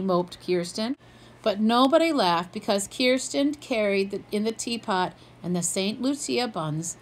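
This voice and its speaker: Woman reading a children's storybook aloud. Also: rough recording. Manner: lively, puts up her pitch for characters' quoted lines. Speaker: storybook reader. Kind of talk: children's picture book read-aloud.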